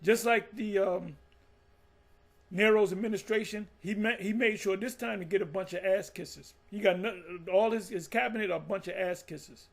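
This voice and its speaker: A man's voice: sits high, normal speed, creaky. A man giving heated, profane, mocking commentary on a religious group, rambling with restarts.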